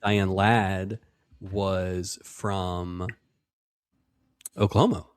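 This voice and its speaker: A man with a lowish but lively, animated voice, recorded dry and close. He co-hosts a podcast in casual chat, easygoing and dryly joking. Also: normal speed, dry recording. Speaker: podcast co-host. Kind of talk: casual chat recapping an episode.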